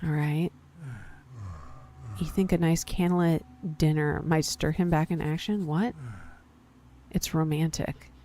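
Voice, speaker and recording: A woman's voice: deep voice, fairly even intonation, a little slow, long pauses, mellow. A woman casually commenting as she plays a story game, reading its text aloud, talking to herself and her viewers, and reacting with surprise. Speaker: gaming video host.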